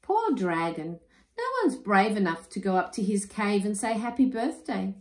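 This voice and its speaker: A woman's voice: medium pitch, very animated, moderate pace, a little mellow, voice pushed up, close to an everyday voice. A woman voicing a clever, confident young girl in a storybook reading. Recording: roomy echo.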